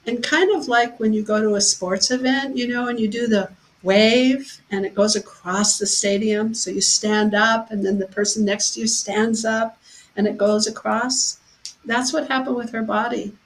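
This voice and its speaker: A woman's voice: a little high, moderate pace, rough recording. Woman telling a story from her own life, heartfelt, voice lifts when she quotes people. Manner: heartfelt, animated when quoting others. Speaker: podcast host. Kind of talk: personal storytelling.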